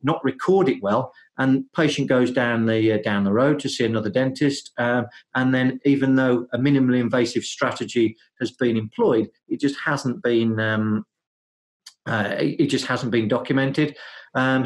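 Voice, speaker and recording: A man, a dentist, talking through his ideas in a podcast interview, with many fillers, restarts and hesitant pauses. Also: medium pitch, steady tone. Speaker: guest dentist.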